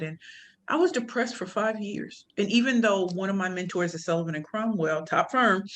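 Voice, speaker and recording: A woman, a podcast guest telling her life story in a casual, animated and slangy way, often voicing the people she quotes. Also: on the low side. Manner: animated, slangy, quoting others in voices. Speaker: podcast guest, pitch coach and speaker.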